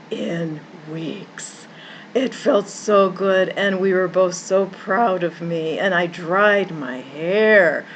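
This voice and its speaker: A woman's voice: mid-range voice, poor audio. List: woman, life coach, earnest personal story, restarts and repeats, faint noise. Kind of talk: personal story told to camera.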